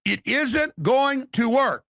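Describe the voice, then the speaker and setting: A man's voice: very high-pitched, lively intonation, slow, vocal fry, sharp tone, no echo, clean studio sound. A man giving urgent, emphatic political commentary as a talk show host, scoffing and driving his points home.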